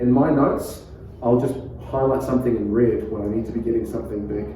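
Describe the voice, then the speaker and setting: Calm Kiwi pastor in an echoey hall. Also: male voice, mid-range voice, brisk, noisy background. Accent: New Zealand. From New Zealand. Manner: calm, conversational, laughs often. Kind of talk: preaching workshop teaching. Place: church hall. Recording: echoey room, far from mic.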